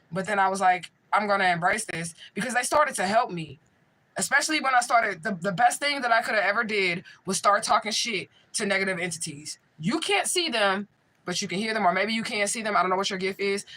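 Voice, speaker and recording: Blunt, foul-mouthed woman with a bright voice. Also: medium pitch, poor audio. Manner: blunt, profane, talks straight to viewers. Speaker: spiritual medium, livestream host. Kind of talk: casual livestream talk answering chat.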